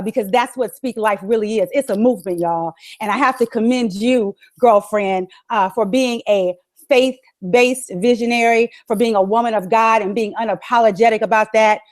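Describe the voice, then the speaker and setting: A woman's voice: on the high side, normal speed. A woman from Virginia giving a rousing motivational talk as the guest speaker on a webinar, full of rhetorical questions. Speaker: guest speaker and business coach. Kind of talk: motivational speech.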